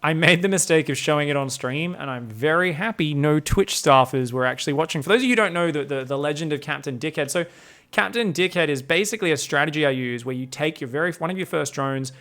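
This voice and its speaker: A male game streamer with a slightly high voice, joking and swearing as he rambles through casual commentary. He keeps up a loose, profane patter. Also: fast talker, fairly bright tone.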